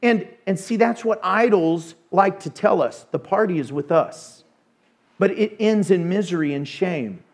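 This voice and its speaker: Guy preaching a sermon, pretty high voice, super animated, drops to a hush then bursts out. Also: a little slow. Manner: animated, acts out voices with sudden hushes and bursts. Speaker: pastor.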